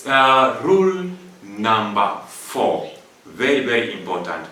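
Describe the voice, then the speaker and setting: A man's voice: mid-range voice, sing-song, takes it slowly, long pauses, sharp tone. A man teaching an English grammar lesson, going step by step through rules and repeating them with examples. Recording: echoey room from far off.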